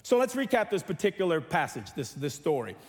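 A man's voice: on the high side, big pitch swings, a little fast, darkish tone, big-room sound. A man preaching a sermon as pastor, mixing humor with calls for the church to respond.

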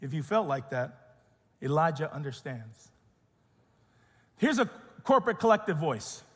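High-voiced preacher in a reverberant hall. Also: male voice, sing-song, a little slow, breathy edge. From grew up as an immigrant. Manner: earnest preaching, shifts between loud and hushed. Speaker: pastor. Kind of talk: sermon.

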